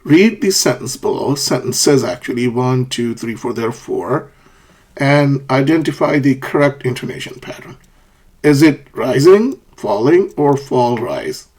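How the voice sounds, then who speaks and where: A man's voice: mid-range voice, animated, a little slow, darkish tone, breathy edge. A man teaching an online English lesson, who checks in often with "okay?" and "right?" and models intonation by repeating example sentences.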